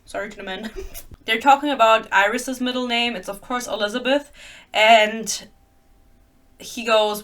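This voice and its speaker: Bright-voiced young woman ranting about a book. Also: on the high side, steady tone, unhurried, pauses often. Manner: sarcastic, laughing, reads quotes aloud. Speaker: book reviewer. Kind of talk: casual book rant vlog.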